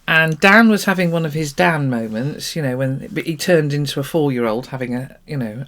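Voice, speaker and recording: A woman, co-hosting a podcast and chatting in an animated, self-mocking way. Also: low-pitched, normal speed. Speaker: podcast co-host. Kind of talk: casual chat.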